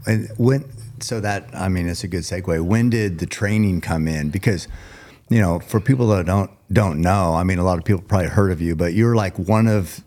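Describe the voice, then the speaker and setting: Deep-voiced male podcast host. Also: fairly quick, darkish tone. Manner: meandering questions, frequent listening sounds. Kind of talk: interview questions.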